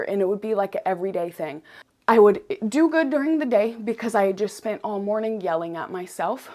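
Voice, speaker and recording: A woman's voice: mid-range voice, lively intonation, brisk, mellow. Earnest young woman, confessional vlog. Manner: earnest, emphatic, repeats phrases for stress. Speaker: vlogger.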